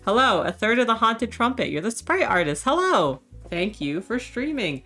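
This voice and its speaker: A woman's voice: a little high, very animated, moderate pace, bright, forceful tone, faint music behind. A woman streamer chatting casually and upbeat with viewers about a game demo.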